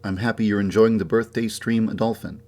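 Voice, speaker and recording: A man's voice: fairly low pitch, steady tone, brisk, dark tone. A young man streaming from his computer, chatting casually and then switching into a formal, lecturing tone, sometimes grumbling in frustration. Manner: shifts into a formal, lecturing delivery. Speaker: game developer streaming. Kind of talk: casual livestream chat.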